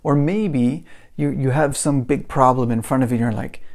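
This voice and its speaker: A man's voice: medium pitch, normal speed, darkish tone. A man hosting his own podcast, talking casually and rambling a little, often restarting his sentences as he talks through examples from his desk. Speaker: podcast host. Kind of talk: casual solo podcast talk.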